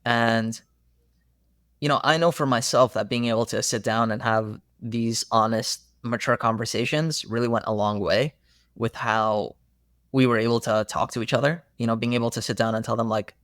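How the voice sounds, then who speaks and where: A man's voice: mid-range voice, steady tone, moderate pace, a bit bright, no room sound, clean studio sound. A young man in a casual podcast conversation, telling stories earnestly and animatedly, with many fillers. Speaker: therapist guest.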